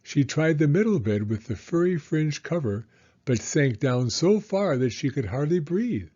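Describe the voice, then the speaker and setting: A man reading a children's story aloud with expressive, unhurried narration. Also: fairly high pitch, highs cut off. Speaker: storybook reader.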